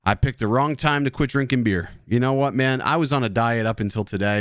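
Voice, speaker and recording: A man's voice: mid-range voice, a little fast, a bit bright, dry recording, studio quality. A man hosting a casual live stream, joking and swearing at his chat while drinking beer. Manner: rambling, joking, profane banter with chat.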